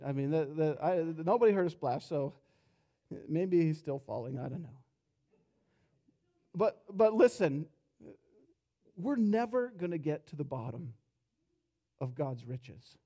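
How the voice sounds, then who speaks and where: A pastor preaching a sermon in a church, telling a story and acting out its characters, dropping soft and low for reflective points. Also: male voice. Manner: storytelling, acts out characters' lines with rising energy. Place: church sanctuary.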